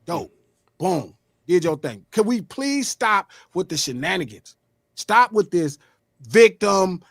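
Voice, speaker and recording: Panelist man, high gravelly voice, animated and emphatic. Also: slow, no room sound, studio quality. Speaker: podcast panelist. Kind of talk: casual podcast debate.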